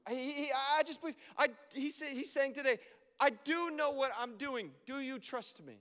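A man preaching a sermon as a pastor, animated and acting out his own prayers to God. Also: very high-pitched, moderate pace. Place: church. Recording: long reverb of a church hall.

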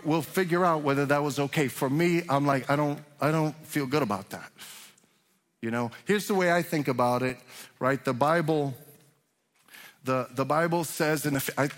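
A pastor delivers a sermon, his voice sitting a little high for a man. He talks loosely with restarts, then presses his points harder. The sound carries a long reverb from the hall around him. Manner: conversational preaching with restarts, rising to emphatic. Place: church sanctuary.

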